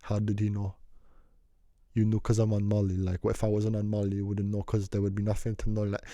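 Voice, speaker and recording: A man's voice: fairly low pitch, completely flat delivery, quick pace, mellow, no echo, clean studio sound. A young man telling a rambling, slang-heavy story in a casual vlog, often repeating and circling back. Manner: slangy, meandering, repeats himself.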